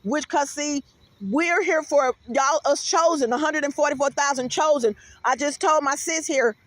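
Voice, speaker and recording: A woman's voice: sits high, moderate pace, no echo. A middle-aged woman host speaking, telling stories animatedly in a casual interview chat and calling out to viewers. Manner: animated storytelling, addresses viewers as y'all.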